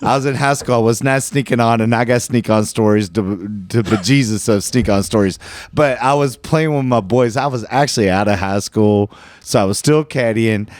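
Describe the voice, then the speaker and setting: A man from Kentucky hosting a casual golf podcast, telling stories in an animated, slangy way with loud laughs. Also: medium pitch, normal speed, dry recording. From Louisville, Kentucky. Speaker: podcast host. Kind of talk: casual storytelling chat.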